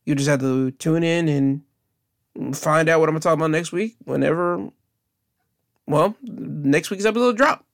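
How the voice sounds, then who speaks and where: A man's voice: a little high, a little slow, creaky. Rambling young man hosting a podcast. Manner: rambling, restarts often, earnest and encouraging. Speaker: podcast host. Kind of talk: casual solo podcast sign-off.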